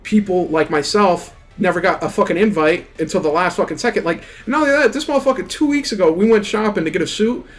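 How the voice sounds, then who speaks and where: A young man telling a story in a casual, rambling rant, animated and full of swearing and filler words. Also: sits high, quick pace, few pauses, soft background music. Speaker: gaming streamer.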